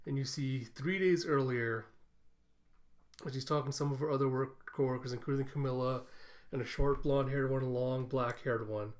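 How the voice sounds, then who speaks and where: A man's voice: medium pitch, steady tone, normal speed. A man hosting an anime reaction, recapping the episode in a chatty, amused way. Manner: chatty, amused, laughs often.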